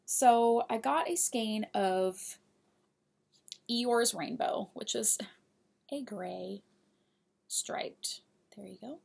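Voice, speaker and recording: Gravelly, slow-talking woman. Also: a little high, darkish tone. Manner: chatty, giggly, talks straight to viewers. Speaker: knitting podcast host. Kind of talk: casual show-and-tell of yarn purchases.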